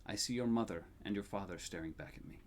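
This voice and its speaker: A man voicing a tall, loving old grandfather with a deep, booming voice, gentle and teasing, for a tabletop game. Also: fast, lightly acted. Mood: tender.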